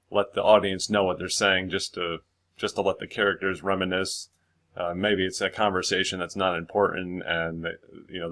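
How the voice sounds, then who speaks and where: A man's voice: low-pitched, bright, forceful tone. A man giving a casual screenwriting tutorial over his screen, rambling with lots of fillers and restarts.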